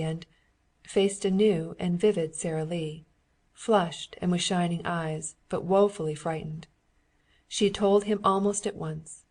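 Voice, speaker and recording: Woman with a lowish voice reading a novel. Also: warm tone. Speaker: audiobook narrator. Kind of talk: scripted narration of a classic novel.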